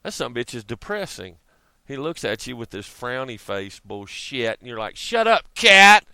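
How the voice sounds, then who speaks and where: A man rambling through a profane vlog rant and chuckling at his own jokes. His voice is bright and sharp, with a smooth, clear tone. The sound is close and dry, with no room echo. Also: medium pitch, lively intonation, moderate pace. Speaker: vlogger.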